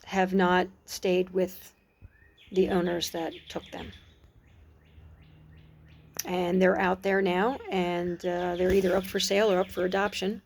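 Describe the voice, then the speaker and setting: A woman's voice: fairly low pitch, level tone, gravelly, slight background noise. Middle-aged woman vlogging about faith out on her porch, earnest, stops and restarts a lot, birds and dogs faint behind her. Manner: earnest and reflective, with pauses and restarts. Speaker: Christian vlogger. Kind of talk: personal faith vlog. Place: outdoors on a porch. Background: birds and dogs outside.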